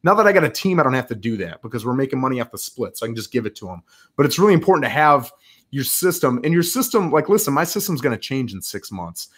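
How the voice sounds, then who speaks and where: A man speaking as a podcast guest, a real estate agent explaining his follow-up routine in an energetic, rambling way. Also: medium pitch, quick pace. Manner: energetic, rambling, acts out quoted calls. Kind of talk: conversational interview.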